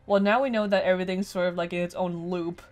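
A young woman with a lowish voice riffing loosely through a visual novel, rambling and dropping curse words. Soft game music plays faintly under her talk. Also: fairly even intonation, fast. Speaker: let's play gamer. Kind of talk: casual gameplay commentary.

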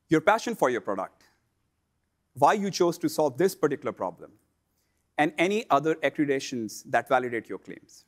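A man presenting a scripted instructional lesson for online sellers, in a measured, explanatory delivery. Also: on the high side.

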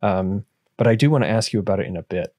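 Man, podcast host, low voice, rambling with fillers, dry close sound. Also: fast talker, darkish tone, dry recording. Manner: rambling, hedging questions with many fillers. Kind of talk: conversational interview.

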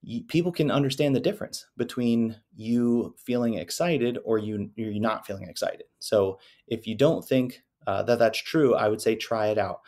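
A man's voice: medium pitch, normal speed, few pauses, darkish tone. A man coaching salespeople in a casual, conversational way, often adding little tag questions. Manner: conversational, often tags "right?" and "you know". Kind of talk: casual instructional talk to camera.

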